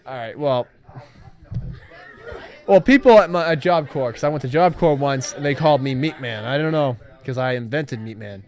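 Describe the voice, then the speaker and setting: A man's voice: medium pitch, moderate pace, a little mellow. A young man rambling through his made-up stories in a casual livestream chat, hesitant and full of fillers and restarts.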